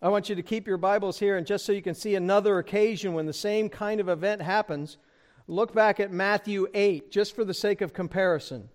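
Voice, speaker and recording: A male pastor with a notably high voice preaches a sermon verse by verse. He talks straight to his listeners and often asks them questions. His pitch and loudness climb as he presses a point. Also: a little fast. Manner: animated, rises in pitch and volume for emphasis; addresses the congregation directly with questions. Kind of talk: expository sermon.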